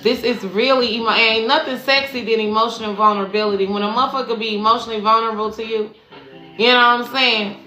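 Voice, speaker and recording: A woman's voice: a little high, fairly even intonation, quick pace, pushed and bright. A woman spiritual coach giving a casual, profane livestream tarot reading, preaching and calling her listeners baby. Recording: echoey room with faint music.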